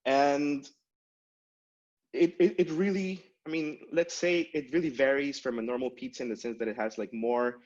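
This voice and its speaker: A man's voice: medium pitch, steady tone, normal speed, darkish tone, dull audio. A man giving a conference tech talk in a casual style, with many fillers and restarts. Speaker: conference speaker.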